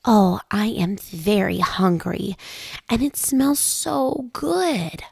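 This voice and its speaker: A woman voicing a hungry, tired little girl in a storybook reading, speaking slowly and drawn-out. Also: medium pitch, lively intonation, vocal fry, husky, no echo, voice pushed up, heavily acted.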